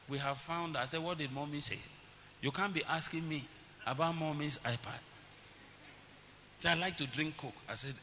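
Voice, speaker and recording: A man's voice: fairly high pitch, normal speed, pauses often, bright, forceful tone. A middle-aged man preaching a sermon as pastor, telling family stories and acting out his children's voices. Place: church hall. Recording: long church reverb, faint hiss.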